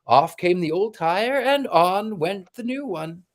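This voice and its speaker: A man hosting a livestream with a warm, theatrical, exclamatory manner, chatting and reading a storybook aloud. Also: high voice, expressive, takes it slowly. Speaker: livestream host.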